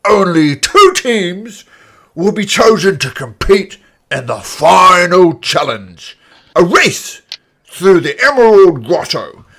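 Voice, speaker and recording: A man's voice: sits high, gravelly, fairly bright tone, breathy edge, voice pushed up, exaggerated voice. A man voicing an elderly male orc announcer who makes grand, ceremonious proclamations to a crowd. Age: older.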